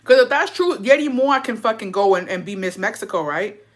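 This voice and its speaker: A woman's voice: mid-range voice, animated, brisk. A young woman hosting a casual gossip chat, ranting with plenty of swearing and rhetorical questions. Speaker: host.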